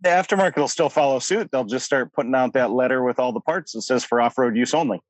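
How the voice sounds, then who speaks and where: A man's voice: mid-range voice, fast, no echo. A man in casual podcast chat, explaining with enthusiasm and a light, teasing tone. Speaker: podcast co-host.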